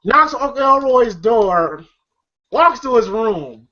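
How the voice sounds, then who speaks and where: Movie reviewer rambling through a plot recap, cussing a lot, like like like, mid pitch, kinda muffled lo-fi. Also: lively intonation, slow pace, pushed and bright. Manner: rambling, profane, laughing often, lots of fillers. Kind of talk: casual film recap.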